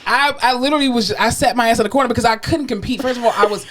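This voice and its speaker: A woman's voice: very fast, noisy background. A woman co-hosting a podcast, telling patient stories in casual chat, acting out the voices in her quotes and laughing often, candid and profane. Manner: animated, acts out quotes with big pitch jumps, laughs often. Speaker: podcast co-host, rehab therapist.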